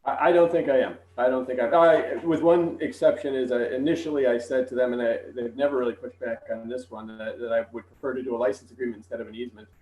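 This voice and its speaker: A man giving a frank, measured report to a village board over an online meeting. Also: mid-range voice, fairly even intonation, darkish tone, echoey room, poor audio.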